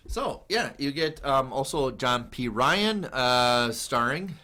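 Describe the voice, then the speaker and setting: A man in casual conversation about movies, his voice rising and falling a lot as he jokes around. He laughs easily and tosses in quick asides. He sounds like a co-host talking with a friend. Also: medium pitch. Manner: animated, laughs often, jokey asides. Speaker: film podcast co-host. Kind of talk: casual film review chat.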